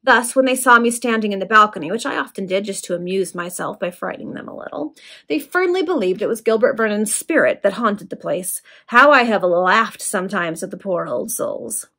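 A woman reading aloud, voicing a cool and menacing male villain in her own voice. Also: mid-range voice. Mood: boastful. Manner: calm, mocking, unhurried.

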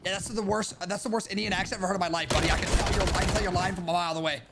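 A young man streaming a shooter game, talking brash and profane in hyped slang over loud music and gunfire. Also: sits high, fairly even intonation, rapid-fire, very noisy. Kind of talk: gaming commentary over gameplay.

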